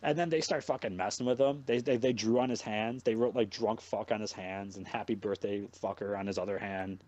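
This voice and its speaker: A man's voice: lowish voice, fairly quick, muffled recording. A young man hosting a podcast, telling a long story in casual chat, swearing constantly and rambling as he goes. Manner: swears a lot, rambling and animated. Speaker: podcast host.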